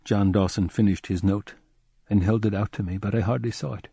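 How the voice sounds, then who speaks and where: Grave, measured male audiobook narrator. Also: fairly low pitch, fairly even intonation, creaky, dark tone, husky, dry recording. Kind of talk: first-person literary narration.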